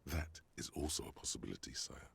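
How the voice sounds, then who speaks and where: A man's voice: a bass voice, expressive, fast talker, creaky, fairly bright tone, a little hiss or hum, pitched below the performer's own voice, exaggerated voice. A man voicing the theatrical inner voice of a game detective, grand and courtly, addressing the listener as sire. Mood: wry. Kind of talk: reading video game dialogue aloud.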